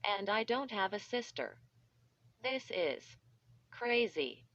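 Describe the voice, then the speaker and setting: A woman's voice: mid-range voice, sing-song, slow, a bit bright. A woman's voice, likely synthetic, reading the lines of a frightened, confused young boy who pleads in distress. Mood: pleading. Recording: dull lo-fi.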